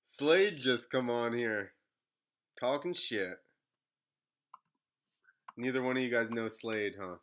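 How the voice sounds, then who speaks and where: A man's voice: medium pitch, slow, long pauses, a bit bright, a little hiss or hum. A man hosting a podcast in casual chat, joking, laughing often and telling stories. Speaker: podcast host.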